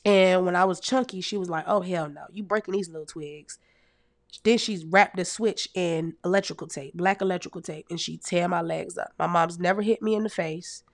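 A woman in her thirties telling comic stories to her audience in a casual, animated, heavily profane way, laughing often as a podcast host. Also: fairly low pitch, brisk, hardly any pauses, dry recording, studio quality. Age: 30s. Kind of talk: casual comedic storytelling.

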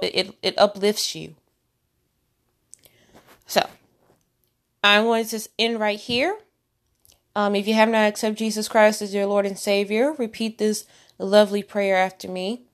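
A woman hosting a faith-based podcast, talking earnestly in a preachy, rambling way with many restarts. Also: medium pitch. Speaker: podcast host.

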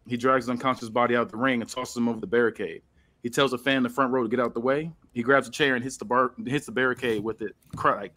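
A man hosting a casual podcast, loosely reading out a storyline with pauses and restarts. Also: medium pitch, fairly bright tone. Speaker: podcast host.

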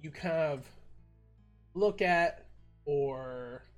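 A man hosting a casual podcast, retelling a sitcom episode with lively acted-out quotes. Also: fairly high pitch, drawn-out words, faint music behind. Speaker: podcast host.

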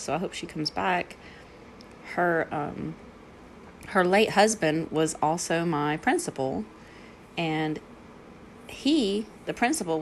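A woman's voice: low-pitched, a little hiss or hum. A woman who teaches yoga and meditation, hosting her own podcast from home and telling rambling stories with frequent laughs. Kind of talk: casual solo podcast chat. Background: heater rattling.

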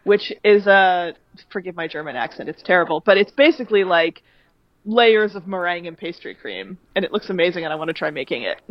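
A woman's voice: on the low side, lively intonation, a little fast, dry recording, dull audio. A woman chatting on a podcast, enthusiastic and laughing often. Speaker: podcast guest. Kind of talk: casual chat.

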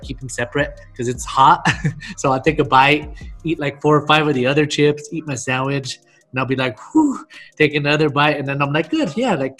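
A man hosting a casual video call chat, chatty and quick to laugh. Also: mid-range voice, fairly bright tone. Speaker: host.

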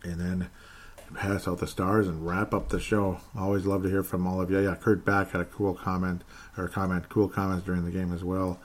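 A man's voice: sits low, flat delivery, normal speed. A man hosting a fan podcast, reading listener comments aloud in a casual, joking way and laughing often. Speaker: podcast host.

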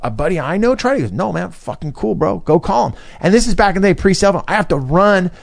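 A man's voice: high voice, quick pace, gravelly. A man from California, a comedian, telling a long casual story in a podcast chat and acting out his friends' lines. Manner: animated, acts out quoted friends, swears freely.

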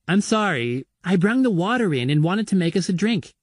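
Eager-to-please teen girl, sloppy grammar, read by a man, high and small. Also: sing-song, normal speed, no room sound, clean studio sound. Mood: pleading. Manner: ungrammatical, pleading. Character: teenage girl, timid, eager to help.

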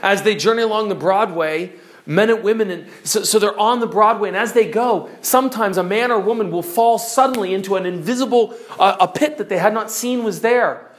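A preacher teaching from notes, telling an allegory dramatically and slowing down to stress key words. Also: medium pitch. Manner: animated, dramatic storytelling, drops to slow emphasis. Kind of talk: storytelling sermon lesson.

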